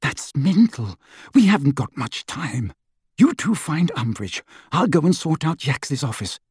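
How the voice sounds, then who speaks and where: A man's voice: on the high side, sing-song, unhurried, a little mellow, slightly rough, dry recording, clean studio sound, pitched above the performer's own voice, heavily acted. A man doing a panicky teenage wizard boy. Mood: flustered. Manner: flustered, desperate.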